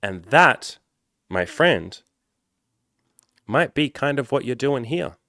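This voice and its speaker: A man in his thirties, a life coach, giving a blunt, animated motivational talk. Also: mid-range voice, takes it slowly, no room sound, studio quality. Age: 30s. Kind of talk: motivational vlog monologue.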